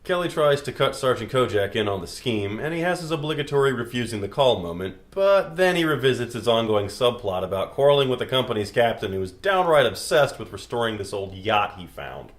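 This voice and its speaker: A man's voice: mid-range voice, big pitch swings, brisk, few pauses. A man guesting on a comedy review show, recapping a film's plot in a wry, joking way. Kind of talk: comedic movie recap narration.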